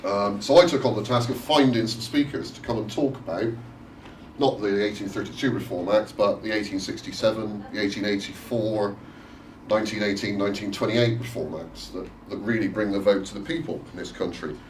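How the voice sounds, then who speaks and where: A man's voice: on the low side, fairly even intonation, fairly quick, darkish tone. A man giving a chatty, loosely structured history talk, with frequent fillers and restarts. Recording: echoey room, distant mic, faint noise.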